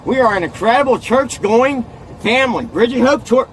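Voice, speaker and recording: A man's voice: extremely high pitch, lively intonation, normal speed, a little hiss or hum, rough recording. A man in an agitated, rambling rant, scolding and preaching by turns. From Indiana. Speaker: arrested man ranting on video. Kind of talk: angry self-filmed rant.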